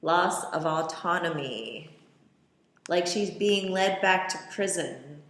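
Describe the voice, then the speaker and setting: A woman's voice: fairly low pitch, slow, fairly bright tone, roomy sound. A woman giving a casual running commentary on a film, describing scenes and throwing in wry, sarcastic asides.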